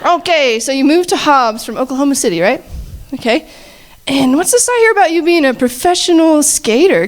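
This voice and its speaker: A woman emcees a panel at a campus chapel, ribbing each guest with jokey questions. Her voice sits a little high. She laughs easily and keeps things light on a handheld mic. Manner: teasing, jokey, laughs often. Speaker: panel host at a chapel service. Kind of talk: playful interview questions. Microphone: handheld mic shared with guests.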